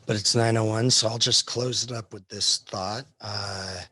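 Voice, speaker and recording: A man's voice: fairly low pitch, fairly even intonation, moderate pace, sharp tone, dry recording. Rambling man teaching history, dry sound. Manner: rambling, many fillers and restarts. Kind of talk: casual live class discussion.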